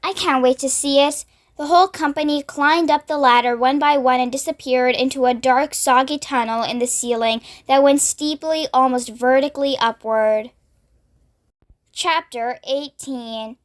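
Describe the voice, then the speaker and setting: A woman reading a children's book aloud in a steady, expressive narration. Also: high voice, moderate pace. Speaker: storyteller.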